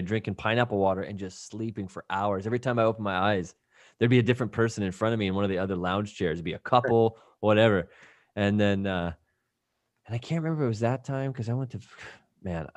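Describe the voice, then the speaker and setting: Male podcast host, casual animated storyteller, does quick voices, dry booth sound. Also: lowish voice, no echo.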